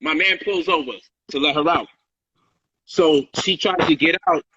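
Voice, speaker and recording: A man casually telling a personal story on a livestream, animated and profane, loudly acting out heated quotes. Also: fairly high pitch, normal speed, muffled recording, noisy background. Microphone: phone or livestream mic.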